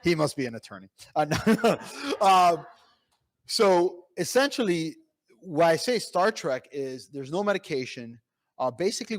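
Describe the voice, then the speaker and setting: A man's voice: medium pitch, no echo. Chatty male doctor telling patient stories. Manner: animated storyteller, frequent fillers and restarts. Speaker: pain physician speaking at a conference. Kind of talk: conference talk with patient stories. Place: conference room.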